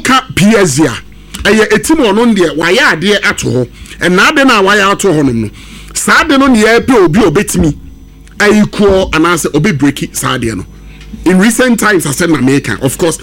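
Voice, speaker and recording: A man with a Ghanaian accent arguing about football as a radio pundit, emphatic and excited, mixing English and Twi. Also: on the high side. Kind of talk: radio sports discussion.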